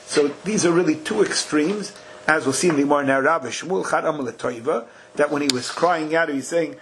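A man teaching a Talmud study class, chanting Aramaic and Hebrew slowly and then translating it in a lively way. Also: a little high, a little hiss or hum, poor audio.

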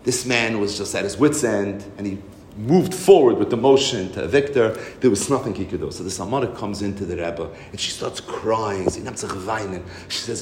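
A man's voice: on the low side, moderate pace, reverberant, slight background noise. A man giving a Torah class and telling a Hasidic story, mixing in Hebrew and Yiddish terms and acting out the voices in it. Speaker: Torah teacher.

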